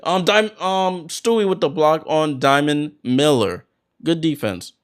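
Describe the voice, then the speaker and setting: A man hosting a basketball watchalong, calling the plays as an excited fan with sudden bursts of hype. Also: a little high, unhurried, clean tone. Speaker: watchalong host doing play-by-play. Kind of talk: fan play-by-play commentary.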